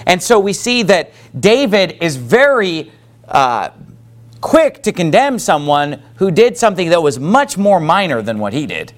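Pitched high and very animated, this man speaks a little slowly as he delivers a sermon. Reading scripture aloud in King James language, the pastor raises his emphasis and breaks off into casual, filler-laden asides.

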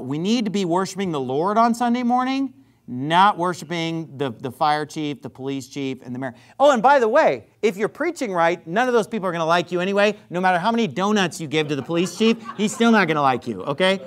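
A man preaching a fiery sermon as pastor, sarcastic and combative, swinging between loud emphatic lines and muttered asides. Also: high-pitched.

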